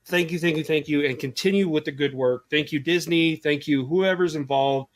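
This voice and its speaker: A man in his thirties co-hosting a podcast, excitable and profane, gushing in casual chat. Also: fairly high pitch, moderate pace. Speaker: podcast co-host.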